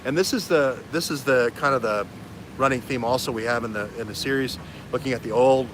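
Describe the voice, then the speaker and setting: A man hosting a livestream as an investigative journalist, talking in an animated, digressive way that jumps between threads. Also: mid-range voice, a little fast, noisy background. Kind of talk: livestream talk.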